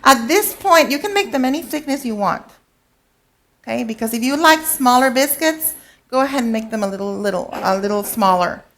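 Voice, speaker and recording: A woman's voice: fairly high pitch, expressive, moderate pace, a bit bright. A woman cooking instructor giving a live demonstration, chatty and instructive, often checking in with her audience. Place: teaching kitchen before a live audience.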